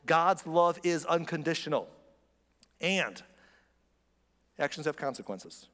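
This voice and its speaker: A man's voice: fairly high pitch, lively intonation, takes it slowly, fairly bright tone. Earnest man preaching in a reverberant hall. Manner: earnest, conversational preaching with frequent restarts. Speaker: pastor. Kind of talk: sermon.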